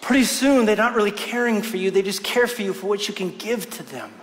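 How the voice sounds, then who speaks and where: A middle-aged male pastor preaching a sermon in a church, earnest and slowing down to stress scripture. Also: sits high. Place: church hall. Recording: long church hall reverb.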